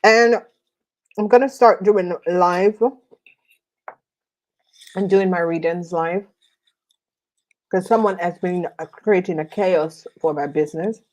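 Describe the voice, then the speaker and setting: Woman tarot reader, chatty vlog style, eats while talking, lower voice, unhurried delivery. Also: darkish tone. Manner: chatty, many fillers, slow and rambling. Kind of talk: casual chat while eating.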